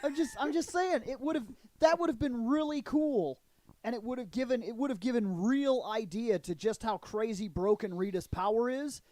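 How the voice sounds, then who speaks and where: A man's voice: very high-pitched, moderate pace, a little mellow, dry recording. A man co-hosting a podcast, talking casually and profanely, rambling and often laughing. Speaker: podcast co-host. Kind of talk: casual chat.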